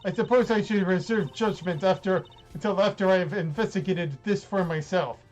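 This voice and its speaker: A man's voice: high voice, moderate pace, darkish tone, muffled recording, soft background music, lightly acted. A man voicing a haughty young female prosecutor in a mock German accent, cold and scolding. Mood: imperious. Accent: put-on German. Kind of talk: reading game dialogue aloud.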